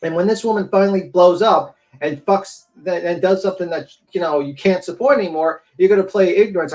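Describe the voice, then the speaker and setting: A man's voice: sits high, brisk, few pauses, darkish tone, rough recording. A man hosting a livestream, giving heated, blunt opinion commentary with plenty of profanity.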